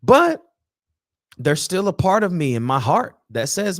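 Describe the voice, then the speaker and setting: A man hosting a casual sports talk livestream, speaking in a frustrated, emphatic and animated way. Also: high voice, unhurried, no echo, studio quality. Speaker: sports talk show host.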